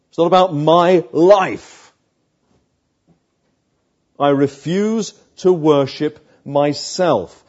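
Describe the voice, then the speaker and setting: A man preaching a sermon, slow and emphatic, with dramatic pauses between phrases. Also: fairly high pitch, darkish tone, highs cut off.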